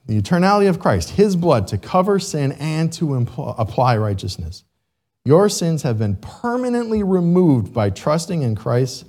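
Animated male pastor preaching slowly. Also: mid-range voice. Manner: animated, repeats "right?" to the congregation. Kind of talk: sermon.

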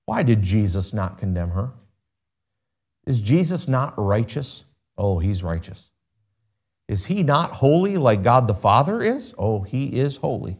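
A man's voice: mid-range voice, lively intonation, measured pace, darkish tone. A man preaching a sermon, asking his congregation rhetorical questions and reading scripture in King James wording.

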